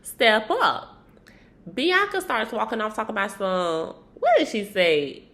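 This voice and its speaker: A woman casually recapping a reality show in an animated, slangy, gossipy way. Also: a little high, moderate pace. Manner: animated, slangy, slips into acted quotes.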